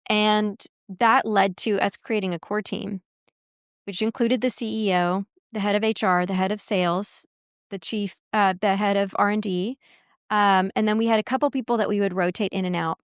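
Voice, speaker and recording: A woman guest in a podcast interview, telling workplace stories in an animated way and acting out quoted dialogue. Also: medium pitch, moderate pace, clear, resonant tone, dry recording, studio quality. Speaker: guest, marketing executive and coach.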